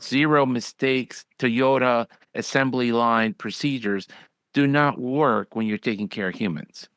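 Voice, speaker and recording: A man's voice: mid-range voice, measured pace, fairly bright tone, clear, resonant tone, no room sound. A man who is a physician, hosting a podcast and chatting bluntly, acting out other voices when he tells stories. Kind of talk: casual interview chat.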